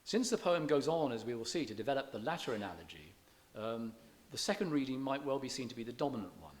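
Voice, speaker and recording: This church hall talk is a scholarly, measured public lecture on poetry by a man with a mid-range voice and lively intonation. When reading verse aloud he slows and stresses the beats, and he sometimes restarts his words.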